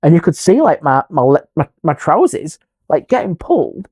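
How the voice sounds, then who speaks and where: A slightly high, husky voice at a moderate pace belongs to a middle-aged English paranormal investigator. Chatting informally, he tells a ghost story with lively energy, voicing the quoted speakers himself and dropping into a hush.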